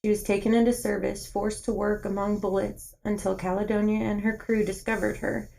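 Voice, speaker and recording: A woman's voice: mid-range voice, little pitch movement, fairly quick, creaky, dark tone, a little hiss or hum, poor audio. Woman podcast co-host, plain read-aloud narration with casual asides. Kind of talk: reading a book aloud with casual chat.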